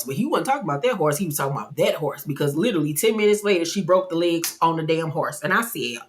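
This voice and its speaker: A woman giving a casual, animated, gossipy episode recap. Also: low voice, fast talker, few pauses. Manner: animated, gossipy storytelling, acts out quotes. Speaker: vlogger.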